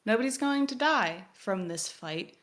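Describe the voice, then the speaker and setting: A woman's voice: medium pitch, animated, unhurried, fairly bright tone. A woman co-hosting a podcast in casual discussion, analytical with wry joking asides. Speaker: podcast co-host.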